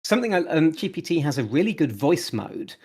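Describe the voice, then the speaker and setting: Chatty man with a slightly high voice. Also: big pitch swings, brisk, darkish tone, breathy edge. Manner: enthusiastic, repeats words when restarting. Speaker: podcast guest, open source developer. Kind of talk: casual interview talk.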